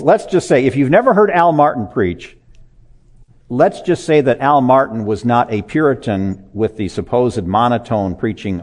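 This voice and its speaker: A man preaching a sermon to a live congregation in a church, animated and conversational, with chuckles and asides to listeners. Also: mid-range voice.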